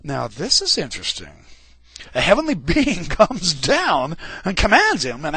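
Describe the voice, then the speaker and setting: A man lecturing informally on scripture, swinging his pitch widely for dramatic emphasis. His voice is husky and a little high. The sound is close and dry. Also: a little slow, dry recording. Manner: animated, colloquial asides, dramatic emphasis.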